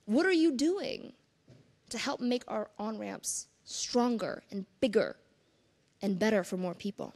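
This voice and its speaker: Woman, conference keynote, earnest and chatty, slightly high voice, gravelly edge. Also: a little slow, darkish tone. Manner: earnest, conversational, with asides to the audience. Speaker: conference speaker. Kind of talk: keynote talk.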